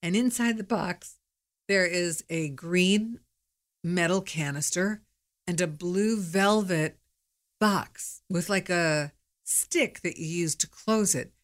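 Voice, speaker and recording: A woman's voice: fairly low pitch, slow. A middle-aged woman hosting her own podcast, talking candidly in a chatty, storytelling monologue. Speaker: podcast host. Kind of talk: casual monologue.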